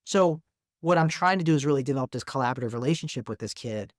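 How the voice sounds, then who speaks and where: A man's voice: mid-range voice, animated, fast, no echo. Guy in his 30s on a podcast, earnest chatty talk, keeps saying man and right, dry close sound. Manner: earnest and conversational, says "man" and "right?" often. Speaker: psychiatrist guest. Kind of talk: casual interview talk.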